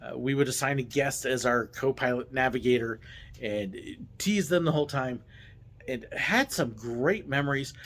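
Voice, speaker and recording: A man hosting a vlog, casually telling stories from his theme park job in a playful, animated way and acting out the voices. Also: mid-range voice, normal speed. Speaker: vlog host, former theme park ride driver. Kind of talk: casual storytelling.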